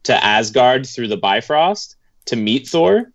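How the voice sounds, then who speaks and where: A young man with a mid-pitched voice talks in a laid-back, agreeable way on a podcast. The sound is dull and dry, as if from a modest mic. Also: sing-song, slow, a bit bright, dry recording. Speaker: podcast co-host. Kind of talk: casual chat.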